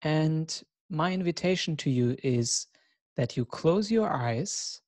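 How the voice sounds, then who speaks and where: A man gives a course lesson at an unhurried, deliberate pace. His voice sits at an ordinary pitch and is recorded dry and close, with no room echo. He sounds measured and reflective and invites listeners to join in. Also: darkish tone. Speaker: course teacher. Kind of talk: recorded lecture.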